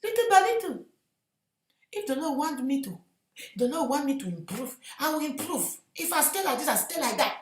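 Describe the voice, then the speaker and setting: A woman evangelist preaching an impassioned sermon in English, which is not her first language, often breaking into shouts and addressing listeners as her sister. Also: high voice, sing-song, normal speed, reverberant, a little hiss or hum. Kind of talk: fervent sermon.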